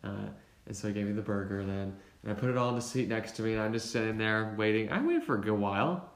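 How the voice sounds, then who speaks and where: A young man in casual chat, telling a rambling story in a relaxed way, full of fillers. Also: on the low side, fast. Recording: roomy echo.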